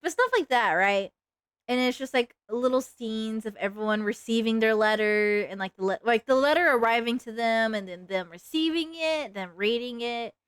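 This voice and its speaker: A woman chats loosely on a livestream while drawing, filling her talk with "like" as she rambles. Her voice sits a bit high and comes through smooth and clear. The sound is dry and close, with no room echo. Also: normal speed. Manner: rambling, lots of "like" fillers. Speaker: streamer.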